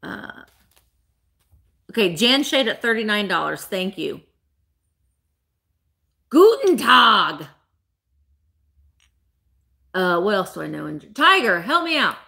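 A woman's voice: medium pitch, very animated, moderate pace, gravelly, pushed and bright. A woman hosting a live online sale, chatting playfully with viewers by name and laughing often. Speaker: live-sale host selling vintage items. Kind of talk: casual live-stream auction chat.

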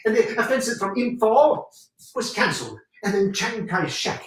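An actor in a one-man show playing an intense, excitable British WWII general, performing a theatrical solo stage monologue and repeating phrases for emphasis. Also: high-pitched, normal speed. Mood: zealous. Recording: roomy sound from a distant mic.

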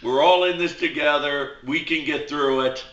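A man's voice: fairly high pitch, moderate pace, fairly bright tone, slight background noise. A man hosting a casual show, chatting and telling a joke with fillers and jokey asides. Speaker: host. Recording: roomy, dull lo-fi sound.

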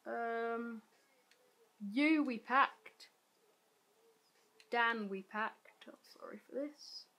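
A woman's voice: a little high, drawn-out words, bright, forceful tone, low-quality recording. A woman giving casual, self-deprecating commentary while playing a football video game, often muttering to herself. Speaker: gaming YouTuber.

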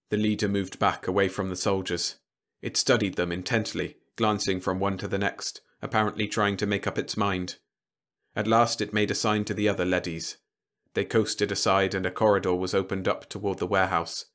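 Low-voiced male audiobook narrator. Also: little pitch movement, moderate pace, fairly bright tone. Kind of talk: scripted narration.

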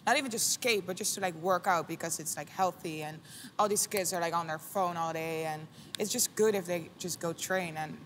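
A woman's voice: fairly low pitch, a little fast, in a large hall, slight background noise. A young woman in her twenties with a Dutch accent, a guest athlete chatting casually and saying "like" a lot. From Netherlands. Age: 20s. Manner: relaxed, lots of "like" fillers. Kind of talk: casual chat.

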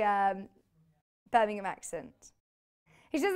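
A woman talks viewers through products on a live shopping channel from a TV studio. She is chatty and bubbly and laughs easily. Her voice sits a little high. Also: normal speed, pauses often, a little mellow, clean tone.

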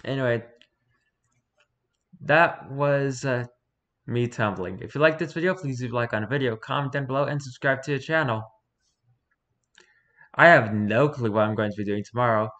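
A man reading out posts for his channel as a streamer, with animated, exasperated commentary. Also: medium pitch, moderate pace, pauses often. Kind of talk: casual commentary.

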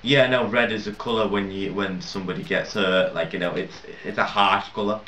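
Recorded on a distant, roomy, lo-fi home mic, this young non-native English speaker delivers rambling, profane gameplay commentary and laughs off his own errors. His fairly low voice is sharp in tone, fairly even in intonation, and a little fast, with slight background noise.

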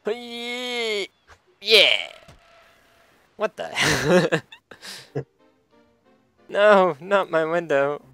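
A man's voice: high voice, animated, extremely slow, pauses often, sharp tone, smooth, no echo, soft background music. A man hosting a let's play, chatting casually over the game, laughing often and reading the game's dialogue aloud. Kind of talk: casual gameplay commentary.

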